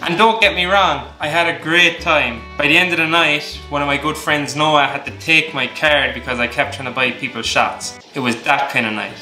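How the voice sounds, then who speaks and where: Joking at his own expense, an Irish vlogger from Ireland rambles through a lighthearted monologue. He speaks on the high side at a normal speed with few pauses, his voice pushed and bright, in an echoey room with faint music playing.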